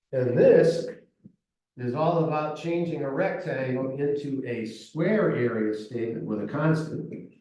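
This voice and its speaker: Man teaching at a whiteboard, talks while he writes, recorded far off in a boomy room. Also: darkish tone. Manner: talks while writing, counting aloud, checks in with "right?". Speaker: math teacher. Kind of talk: whiteboard math lesson. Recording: echoey room, voice from afar.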